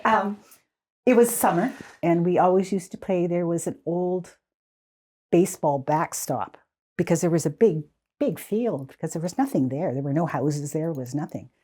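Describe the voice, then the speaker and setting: Lively older woman telling stories. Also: fairly low pitch, normal speed. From Squamish Nation, Canada. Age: 70s. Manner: animated, laughing, restarts sentences. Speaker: community elder guest. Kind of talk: conversational storytelling.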